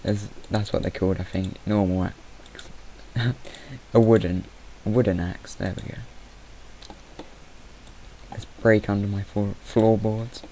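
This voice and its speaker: A man's voice: fairly low pitch, fairly even intonation, a little slow, long pauses, dark tone, slight background noise, rough recording. A young man giving rambling let's play commentary, easily startled and chatting to the animals in the game. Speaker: gamer. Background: mouse clicking.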